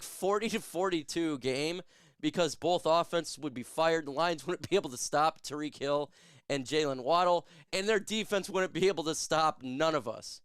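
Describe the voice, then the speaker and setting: A man's voice: on the high side, fairly bright tone, dry recording, studio quality. Chatty man hosting a sports Q&A. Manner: chatty, joking, reads and answers viewer comments. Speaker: sports podcast host. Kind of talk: casual live Q&A chat.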